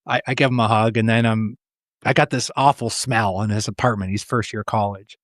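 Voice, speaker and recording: A man's voice: lowish voice, fairly even intonation, a little fast, no echo, studio quality. A middle-aged man, an executive coach, talking in a conversational interview and telling a personal story with many repeated words.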